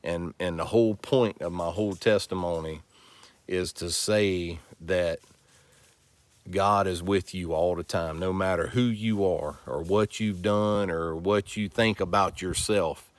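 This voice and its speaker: Deep-voiced man, rambling talk. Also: measured pace, dry recording. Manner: rambling, heartfelt, repeats himself. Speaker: family vlog host. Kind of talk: casual vlog talk.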